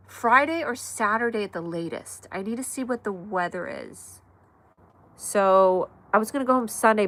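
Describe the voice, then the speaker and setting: Her mid-range voice drifts through a casual nighttime livestream at her mother's house. She chats and rambles, reading the chat out loud between frequent laughs and abrupt, excited shouts.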